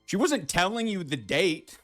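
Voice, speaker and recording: A man's voice: sits high, very animated, a little slow, a bit bright, faint music behind. A man ranting indignantly and profanely in a podcast clip, emphatic and swearing. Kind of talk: heated podcast rant.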